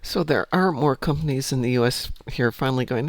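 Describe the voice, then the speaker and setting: A man in casual chat, joking and telling an anecdote with quick quips. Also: medium pitch, no echo.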